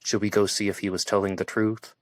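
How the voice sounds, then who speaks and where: A man's voice: lowish voice, little pitch movement, brisk, no echo, studio quality, close to an everyday voice. A man reading the part of a wary, protective young man who dodges questions, in an audiobook. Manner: evasive, hesitant.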